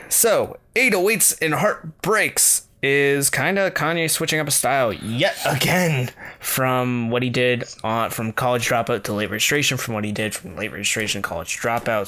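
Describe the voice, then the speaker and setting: A man's voice: medium pitch, pushed and bright. A man co-hosting a podcast, chatting casually and joking with his co-host. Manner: jokey, laughs often. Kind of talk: casual chat.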